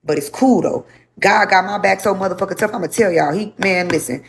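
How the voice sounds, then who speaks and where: A woman's voice: mid-range voice, a little fast, slight background noise. A young woman telling her story to a livestream audience, speaking bluntly with lots of swearing and repetition.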